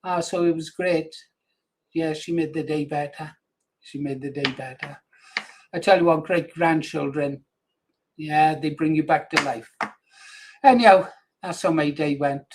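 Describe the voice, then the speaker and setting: An older man hosts a radio show in a loose, wandering chat and chuckles often between his thoughts. His voice sits a little higher than most men's. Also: fairly even intonation, unhurried, long pauses, background noise. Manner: rambling, anecdotal, chuckling. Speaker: radio presenter.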